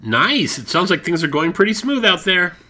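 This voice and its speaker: Man, comedy podcast host, goofy eager banter, husky edge, very lively pitch. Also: moderate pace. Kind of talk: comic in-character banter.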